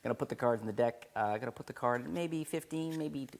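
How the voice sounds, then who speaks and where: A man's voice: mid-range voice, a little fast, close to an everyday voice. A man doing a British accent as a chatty, homely older magician in a card-magic lesson. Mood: cheery. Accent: put-on British.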